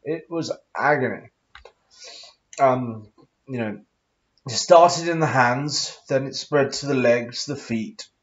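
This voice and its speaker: A man talks on his own in an exaggerated, put-on posh accent, drifting between reading verses aloud, making offhand remarks and humming to himself. His voice sits at an ordinary middle pitch. The recording is dull and lo-fi, with the highs rolled off. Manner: reads scripture aloud in between rambling comments and humming. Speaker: vlogger. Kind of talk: rambling solo monologue.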